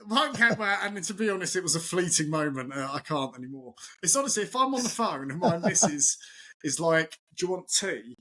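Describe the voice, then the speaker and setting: Middle-aged male chef guest, fairly high voice, lively storyteller who acts out the dialogue. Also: a little fast. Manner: animated, acts out quotes, many restarts. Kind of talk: casual storytelling chat.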